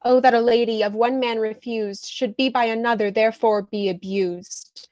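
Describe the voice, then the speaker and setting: A woman's voice: on the high side, steady tone, moderate pace, a little mellow, lo-fi sound, lightly acted. A woman playing the lovelorn young Helena, speaking verse with pleading emphasis in a community theatre reading.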